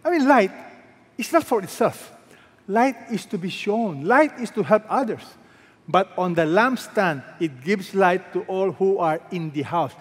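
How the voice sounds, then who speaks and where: A man's voice: high-pitched, expressive, a little slow, breathy edge. A man with a Filipino accent preaching a sermon as pastor, emphatic, repeating phrases and firing rhetorical questions at the congregation. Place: large church hall. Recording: long reverb from a large hall.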